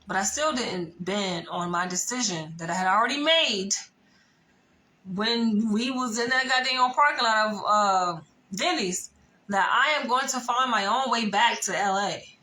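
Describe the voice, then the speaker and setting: Young woman, bright and crisp, spilling a dating story to camera; animated, swears freely, talks straight at the viewer. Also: mid-range voice, measured pace, low-quality recording. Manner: animated, profane, conversational storytelling. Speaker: vlogger telling a dating story. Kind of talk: casual storytime monologue.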